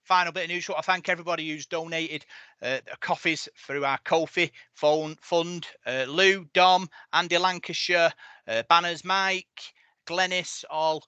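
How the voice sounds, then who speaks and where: A man hosting a casual podcast, telling his stories in a chatty, animated way. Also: fairly high pitch, normal speed, clear, resonant tone, dry recording, muffled recording. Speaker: podcast host. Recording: dry close mic.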